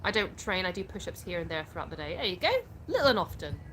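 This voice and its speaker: A woman's voice: fairly low pitch, sing-song, fairly bright tone, a little hiss or hum. Chatty English woman livestreaming outdoors. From England. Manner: chatty, quick to laugh. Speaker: livestream host. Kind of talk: casual chat, reading viewer comments aloud.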